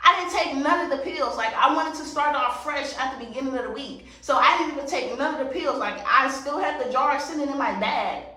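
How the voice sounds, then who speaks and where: Blunt, bright-voiced woman in an echoey room. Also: sits high, brisk, few pauses, distant mic. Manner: blunt, profane, emphatic retelling. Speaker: vlogger. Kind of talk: casual storytime while getting ready. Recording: very echoey room, voice set back from the mic.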